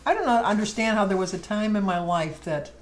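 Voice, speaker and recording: A woman's voice: medium pitch, brisk, low-quality recording. A middle-aged woman vlogger chatting casually and rambling fondly through a list of questions. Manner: chatty, rambling, fond storytelling. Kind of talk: casual chat.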